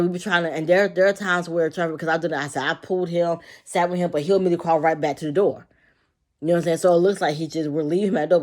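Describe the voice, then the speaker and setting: Fast-talking low-voiced woman venting. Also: a little mellow. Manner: rambling, profane, repeats herself; acts out quotes of coworkers. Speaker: childcare worker. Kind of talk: casual venting monologue.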